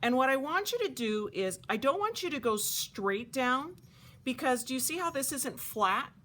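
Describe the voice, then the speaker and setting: A woman teaching a craft to children at a camp, talking in a playful, animated, chatty way. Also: sits high, normal speed.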